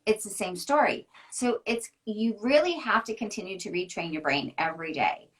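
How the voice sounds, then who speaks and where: A woman hosts a live interview over a video call. Her voice sits in an even middle range, and she sounds enthusiastic and affirming throughout. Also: medium pitch, normal speed. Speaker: host.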